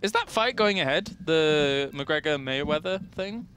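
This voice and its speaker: A man's voice: on the high side, expressive, measured pace, a bit bright, a little hiss or hum. A young man from England with a southern English accent, commentating a live esports match with chatty, joking banter. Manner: chatty, jokey, laughs often.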